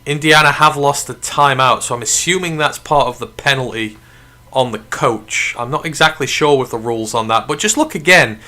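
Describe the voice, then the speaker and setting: A man hosting a live sports watch-along, reacting with quick outrage to the play and answering viewers' chat. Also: medium pitch, expressive, pushed and bright. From United Kingdom. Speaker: live stream host.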